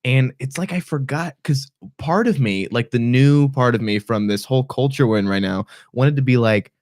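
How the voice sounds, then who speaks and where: A young man hosting a podcast in casual chat, rambling with restarts and sudden jumps in pitch. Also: moderate pace, darkish tone, no room sound, clean studio sound. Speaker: podcast host.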